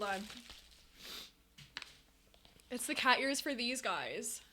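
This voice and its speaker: A woman live streaming to chat, talking casually and excitably, laughing often and swinging between giddy and teary. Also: fairly high pitch, normal speed, slight background noise. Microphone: headset.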